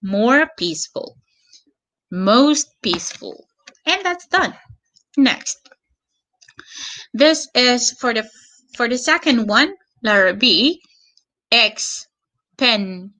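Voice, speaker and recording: Speaking very slowly and patiently in an online English grammar class, this teacher repeats key words and spells out endings one letter at a time. Her bright, clear voice is a little high and very animated.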